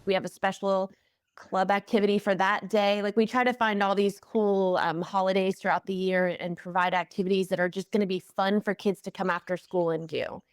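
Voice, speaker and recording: A woman's voice: mid-range voice, fairly even intonation, a little fast, clean tone, dry recording, clean studio sound. A woman being interviewed as the head of a math organization, explaining its programs in an earnest, enthusiastic way. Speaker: executive director of a math organization, guest. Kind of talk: interview answers.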